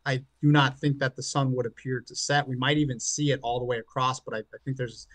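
A man arguing his side in an online debate, halting and often restarting his words. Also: medium pitch, level tone, no echo. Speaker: flat earth debater.

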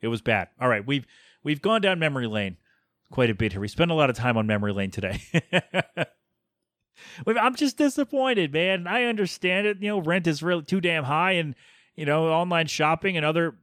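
A man's voice: fairly high pitch, fairly bright tone, no room sound, studio quality. A man in his thirties hosting a solo podcast, rambling casually with chatty, exasperated asides. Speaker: podcast host.

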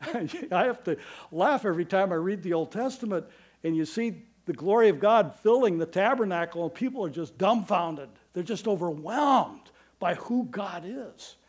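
A man preaching a sermon as pastor, earnest and emphatic, with quick asides and slow stressed phrases. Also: high-pitched, expressive.

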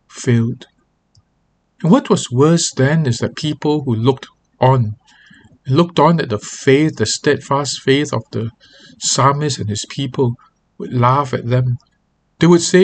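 A man's voice: mid-range voice, a little slow, pauses often, slight background noise. A man giving a devotional talk as a pastor, earnest and reading scripture aloud with feeling. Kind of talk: devotional Bible teaching.

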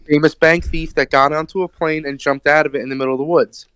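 A man's voice: on the high side, fairly even intonation, quick pace, a bit bright, clear, resonant tone. A man co-hosting a casual chat, talking enthusiastically and swearing, often asking "you know what I mean". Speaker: podcast co-host.

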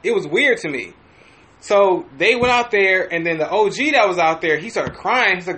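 A man with a high, bright voice tells a story on a casual podcast. He talks in an animated way, full of profanity, and often stops to restart his sentences. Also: fairly quick. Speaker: podcast host.

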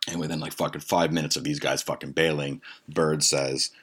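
Podcast host, very deep, raspy, swears constantly in a comic monologue. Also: male voice, little pitch movement, fairly quick, hardly any pauses, a bit bright. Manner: heavily profane, heated retelling.

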